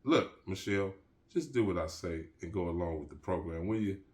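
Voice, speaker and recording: A man voicing a hot-tempered male gangster who shouts and curses in street slang. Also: deep voice, lively intonation, brisk. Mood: commanding.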